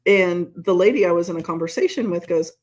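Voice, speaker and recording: A woman's voice: fairly low pitch, a little fast. A woman in her forties hosting a casual podcast chat, telling stories bluntly, with plenty of profanity and laughter. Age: 40s. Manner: blunt, profane, animated storyteller who laughs often. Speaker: podcast host.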